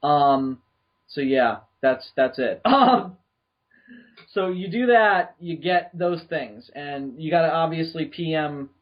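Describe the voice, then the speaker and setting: A man hosting a podcast in casual chat, joking, swearing freely and getting excited. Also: fairly high pitch, takes it slowly, highs cut off. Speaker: podcast host.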